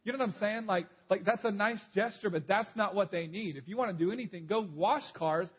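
Man, pastor, sermon, fairly high voice, husky, storytelling, muffled lo-fi recording. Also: fairly quick. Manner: conversational storytelling preacher, repeats key points.

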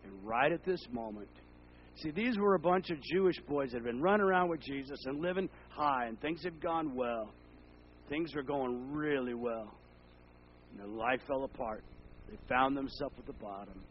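A male pastor preaching a sermon to his congregation, swinging between loud, emphatic passages and quiet, hushed ones. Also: medium pitch, animated, moderate pace, lo-fi sound, noisy background. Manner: swings from loud preaching to soft near-whisper. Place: church.

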